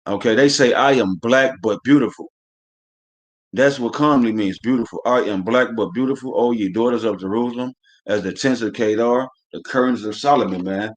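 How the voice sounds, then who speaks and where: Speaking a little fast in a mid-range voice, a man reads verses aloud in a live-streamed scripture class. He then comments bluntly and coarsely, preaching, swearing freely and saying "man" constantly.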